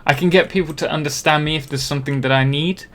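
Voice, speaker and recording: A man's voice: fairly high pitch, fairly even intonation, quick pace, a bit bright. A young man from Britain chatting casually on a live game stream, rambling and self-deprecating, with many ums and restarts. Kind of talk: casual live-stream chat while playing.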